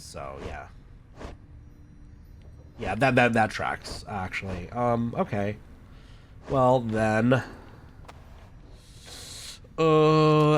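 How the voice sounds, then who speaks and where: A man's voice: mid-range voice, fairly bright tone, slight background noise. A man streaming a video game, giving casual let's-play commentary, chatty and thinking aloud, laughing at himself. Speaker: gaming streamer.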